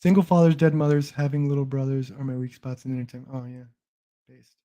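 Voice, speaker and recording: A man's voice: medium pitch, fairly even intonation, quick pace, warm tone, muffled recording. A young man hosting a casual livestream chat about movies, rambling with frequent restarts and swearing. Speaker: stream host.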